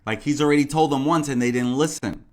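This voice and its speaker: A man's voice: medium pitch, fast talker, darkish tone. Rambling man hosting true crime talk. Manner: repetitive, rambling, full of "you know" and "like". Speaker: true crime channel host. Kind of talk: casual true crime commentary.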